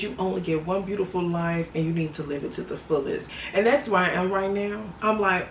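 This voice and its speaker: A woman vlogs casually and reflectively to her viewers, chatting, laughing often and calling them honey and sweetie. Her voice is fairly low and fairly quick, with few pauses. She sounds distant from the mic in a roomy, echoing space with faint background noise.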